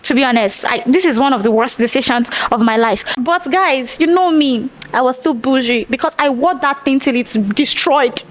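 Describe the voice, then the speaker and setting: Speaking at a moderate pace with few pauses, a young Nigerian podcast host tells a story casually in monologue form. She brings it to life by acting out quotes, and her voice sits high.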